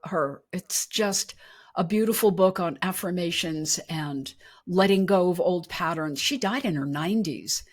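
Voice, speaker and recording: A woman's voice: on the low side, a little slow. A woman hosting a podcast, talking casually with her guest. She affirms him often with "mm-hmm" and "yeah.". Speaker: podcast host. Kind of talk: casual conversational interview.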